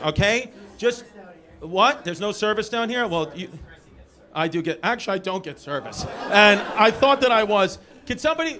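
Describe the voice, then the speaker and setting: Brash New York comedian, high voice. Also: male voice. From Brooklyn. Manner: brash, rambling, swears, riffs with the audience. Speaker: stand-up comedian. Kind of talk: stand-up crowd work. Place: theater stage with a live audience. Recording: live theater with loud crowd laughter.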